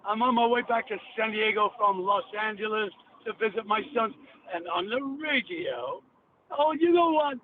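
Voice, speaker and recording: A man's voice: sits high, animated, normal speed, slight background noise. Brash man on a tinny phone line. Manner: brash showman patter. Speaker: radio podcast host on a call. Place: driving in a car.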